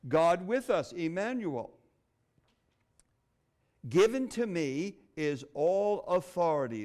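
A middle-aged man preaches with a high voice that leaps up and down in pitch. He speaks expressively, with dramatic pauses and flashes of humor. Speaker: pastor. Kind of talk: sermon.

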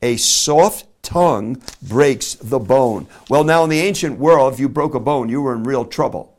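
A middle-aged man preaching a sermon, swinging from loud emphasis to very soft, slow words. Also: medium pitch. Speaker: pastor.

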